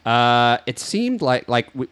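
A man's voice: mid-range voice, very animated, takes it slowly, fairly bright tone, smooth, no room sound. A man born in New York City co-hosting a casual podcast, rambling and joking, often cutting himself off. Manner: rambling, self-interrupting, joking.

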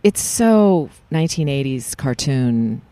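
A woman voice actress chatting casually in an interview, animated and full of fillers and restarts. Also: extremely low pitch, slow, no room sound. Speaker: voice actress guest. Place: parking lot.

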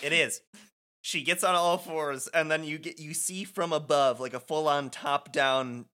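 A man's voice: a little high, fairly even intonation, measured pace, pushed and bright. A man co-hosting a podcast, chatting enthusiastically about a video game with casual swearing and tangents. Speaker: podcast co-host.

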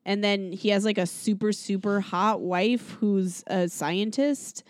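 A woman co-hosting a casual movie chat, talking in a chatty, animated way and acting out characters. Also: medium pitch, measured pace, no room sound, studio quality.

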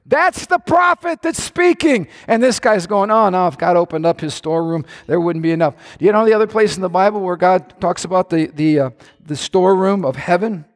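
A male pastor with a notably high voice, preaching with fervor that swells into shouts and then eases into joking asides. His words ring with the long reverb of a large hall. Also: brisk. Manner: impassioned, rising to shouts, playful asides. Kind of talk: sermon.

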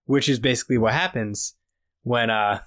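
A podcast co-host with a mid-range, slightly bright voice speaks at normal speed, retelling a story in casual chat. He acts out scenes with quoted dialogue and uses lots of fillers.

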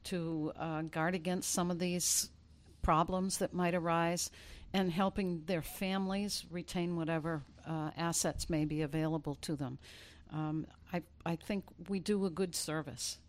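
A woman, an attorney guest, explaining legal processes in a measured way with frequent ums. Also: on the low side, fairly even intonation. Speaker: elder law attorney guest. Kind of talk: interview answers.

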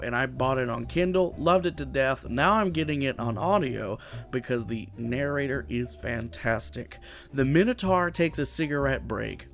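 Male podcast host, casual and jokey, slight sore throat, mid-pitched. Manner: jokey, self-mocking, quick asides. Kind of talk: casual podcast ads and book chat.

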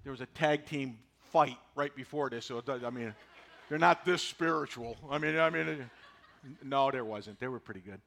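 A man in his sixties preaching a sermon, folksy and animated, driving points home with repetition. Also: medium pitch, normal speed, gravelly. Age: 60s. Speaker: pastor.

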